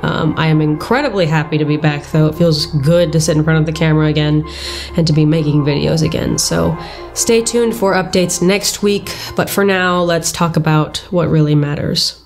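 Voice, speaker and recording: A woman hosting and narrating a true-crime show, congested and stuffy-nosed from a recent flu, her delivery earnest and measured. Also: low-pitched, a little mellow, soft background music. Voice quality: stuffy, blocked-nose voice. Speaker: host. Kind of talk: chatty to-camera intro, then scripted true-crime narration.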